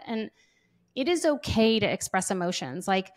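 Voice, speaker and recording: A woman's voice: on the high side, normal speed. A woman talking casually about parenting, often acting out children's and parents' voices. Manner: animated, acts out kids' and parents' voices. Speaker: parenting guest. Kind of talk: casual conversational advice.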